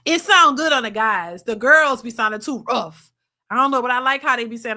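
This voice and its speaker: High-pitched lady reacting on a livestream, bouncy voice, reads chats out, laughs a lot. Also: brisk. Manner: animated, laughs often, reads super chats aloud. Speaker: reaction channel host. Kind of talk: live-stream reaction commentary.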